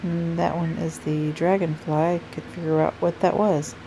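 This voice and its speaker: A woman's voice: deep voice, flat delivery, moderate pace, background noise. A woman vlogging casually about nail stamping from her home craft room, chatty and rambling, sounding sleepy. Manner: chatty, rambling, self-correcting. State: sleepy, yawning. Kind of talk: casual chat to camera.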